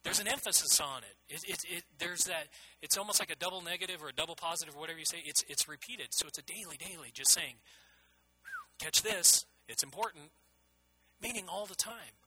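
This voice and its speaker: A man's voice: on the high side, fast talker, hardly any pauses, pushed and bright, low-quality recording. A middle-aged man preaching a sermon as pastor, earnest and emphatic, often repeating his phrases.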